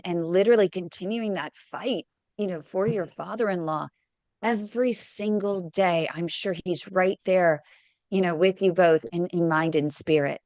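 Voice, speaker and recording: A woman's voice: fairly low pitch, dry recording. A woman on a discussion panel, the founder of an advocacy group, telling a personal story in a heartfelt, emotional way. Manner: heartfelt, emotional, tearing up at times.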